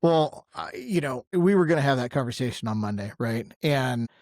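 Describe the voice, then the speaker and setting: A man with an average-pitched voice speaks in a measured, reflective way as a podcast co-host. The sound is dry and close. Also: animated, a little mellow, no echo. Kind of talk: casual podcast talk.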